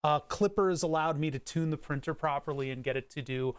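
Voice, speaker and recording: A man's voice: on the high side, a little fast, clean tone, no room sound. A man streaming live, rambling about electronics in casual, profane chat with frequent restarts and hiccups. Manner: rambling, profane, self-interrupting.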